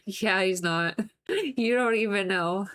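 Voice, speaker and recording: A woman's voice: mid-range voice, slow, a bit bright. A woman chatting casually with her viewers on a live stream while she paints, rambling and breaking into giggles, with lots of "like" fillers.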